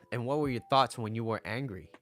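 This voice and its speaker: A man's voice: mid-range voice, moderate pace, a bit bright, faint music behind. A young man talking casually as a relationship coach, blunt and profane, acting out what people say in quoted voices.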